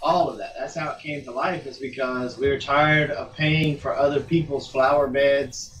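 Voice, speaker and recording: A man's voice: medium pitch, fairly even intonation, normal speed, far from the mic, rough recording. A man chatting casually and rambling through stories about his homestead. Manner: rambling storyteller, Southern turns of phrase. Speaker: homesteader guest on a call-in show. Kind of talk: casual chat.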